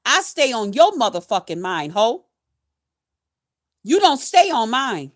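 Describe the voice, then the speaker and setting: A woman with a high voice delivers an angry, profane rant straight to her viewers. She talks in a heated, emphatic way, piling on curses and insults. She works as a nurse and vlogs on the side. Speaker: nurse and vlogger.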